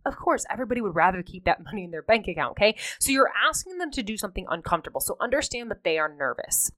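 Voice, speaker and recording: A woman in her thirties, an online business coach, teaching in an animated, emphatic way and often checking in with "okay?". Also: mid-range voice, very fast, few pauses. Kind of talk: teaching talk to camera.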